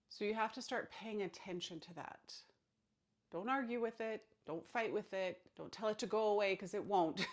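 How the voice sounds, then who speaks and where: Soft-spoken woman giving calm self-help advice. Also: medium pitch. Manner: calm, slow and gentle, drops to a soft hush on key phrases. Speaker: therapist and burnout coach. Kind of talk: reflective self-help talk to camera.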